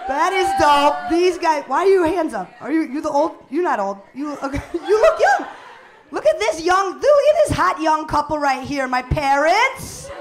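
High-voiced woman hosting a comedy show. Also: sing-song, moderate pace, heavy background noise. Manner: loud, playful crowd work with laughs. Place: live comedy show in a packed venue. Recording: live room with loud crowd.

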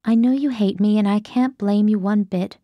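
A woman's voice: medium pitch, normal speed, no echo, lo-fi sound, lightly acted. A woman reading a desperate young woman's letter. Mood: pleading.

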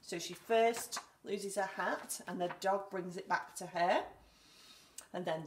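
English teacher speaking clearly to young children. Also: female voice, on the low side, steady tone, measured pace, distant mic. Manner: clear, patient and encouraging, reads story lines aloud with emphasis. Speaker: primary school teacher. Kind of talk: recorded lesson for young children. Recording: echoey room, speaker away from the mic.

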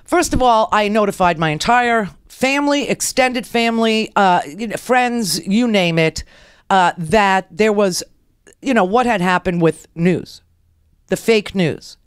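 A woman hosting a political talk radio show, delivering a rambling, animated monologue into a close studio mic and acting out the people she quotes. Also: mid-range voice, a little slow, clean tone, dry recording.

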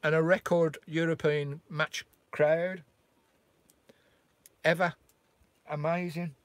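A man's voice: fairly high pitch, level tone, slow pace, dry recording. A Welsh man from Wales, chatting casually on a live stream and greeting viewers as mate and bro from his camper van. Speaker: vlogger hosting a live stream. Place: inside his camper van in a remote valley.

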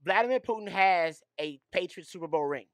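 A man with a bright, forceful voice riffs playfully on a sports podcast. He sounds a bit higher than most men. The studio sound is dry and close. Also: a little fast, no echo. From Houston. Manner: animated, joking, playful. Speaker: podcast co-host. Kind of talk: casual sports talk.

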